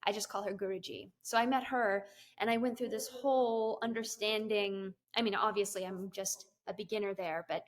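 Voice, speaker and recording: A woman's voice: medium pitch, fairly even intonation, normal speed. A middle-aged woman, a guest on an interview show, telling her story in a casual, giggly way with many fillers and laughs. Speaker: guest, business coach and CEO.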